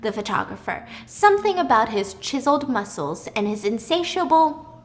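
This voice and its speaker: A young woman hosting a podcast, telling a story in a casual, animated way and acting out the people in it. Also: fairly high pitch, normal speed. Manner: animated, acts out characters with shouting and whispers. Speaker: podcast host. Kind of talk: casual storytelling with voiced quotes.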